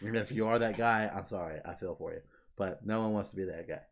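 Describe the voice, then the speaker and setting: A man's voice: on the low side, fast talker. A young man co-hosting a casual podcast chat, swearing freely and acting out stories with big jumps in his voice. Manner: profane, animated storyteller. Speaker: podcast co-host.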